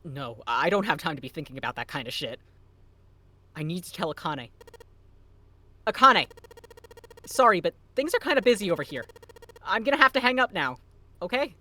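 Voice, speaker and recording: A man's voice: high voice, big pitch swings, moderate pace, pauses often, sharp tone, exaggerated voice. Man reading a brash young wisecracking guy. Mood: relieved. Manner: brash, sarcastic. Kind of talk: reading game dialogue aloud.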